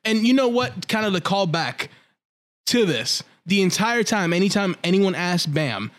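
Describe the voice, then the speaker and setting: A man's voice: sits high, big pitch swings, normal speed, a bit bright. A man co-hosting a casual, profane anime podcast, recapping the story and acting out the characters' lines. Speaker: podcast co-host.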